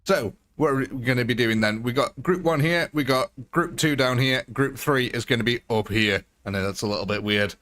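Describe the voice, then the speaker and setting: A man's voice: mid-range voice, brisk, few pauses, a bit bright. A man hosting a live game stream in a casual, chatty, jokey way, laughing often.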